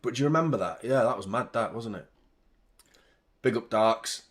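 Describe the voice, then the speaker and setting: Excitable man reacting to football. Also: mid-range voice, normal speed. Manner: laid-back chat that jumps to loud excited reactions. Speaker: watchalong host. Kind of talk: live football watchalong commentary.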